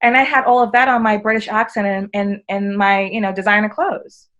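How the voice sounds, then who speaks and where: Animated American woman telling stories. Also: medium pitch, a little fast, lo-fi sound. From United States. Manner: animated, acts out quoted dialogue. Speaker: podcast guest. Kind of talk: casual conversational storytelling.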